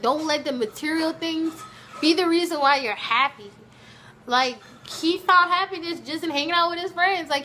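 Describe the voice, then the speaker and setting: A young woman vlogger tells a casual story straight to her viewers in a chatty, animated way. Her voice sits high and sounds bright and sharp. A faint hiss runs underneath the recording.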